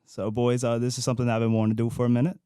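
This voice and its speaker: A man's voice: mid-range voice, monotone, rapid-fire, dark tone, smooth, dry recording. A young man hosting a podcast in a laid-back casual chat, teasing his co-host dryly. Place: small room, podcast setup.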